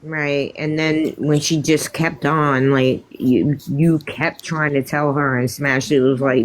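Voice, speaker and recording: Slow, easygoing livestream co-host. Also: mid-range voice, steady tone, slight background noise. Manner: unhurried, supportive recap. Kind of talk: casual chat.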